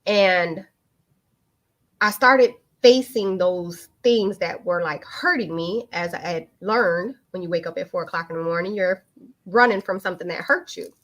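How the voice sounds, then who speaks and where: Hosting a live online talk, a woman with a fairly low voice speaks unhurriedly in casual language. She tells a personal story candidly and with animation, slipping into lively quoted voices.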